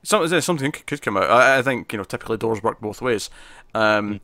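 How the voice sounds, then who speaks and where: A man co-hosting a podcast, chatting casually and excitedly as he recaps a TV episode. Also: fairly low pitch, fairly quick, no room sound. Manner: excitable, animated retelling of scenes. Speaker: podcast co-host.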